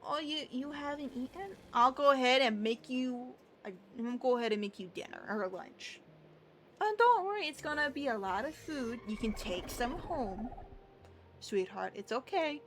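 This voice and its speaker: A woman's voice: high-pitched, expressive, normal speed, a bit bright, slight background noise, pitched above the performer's own voice. A woman doing a fussing, doting grandparent voice. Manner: fussing, cooing, put-on accent. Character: doting sweet grandparent offering food.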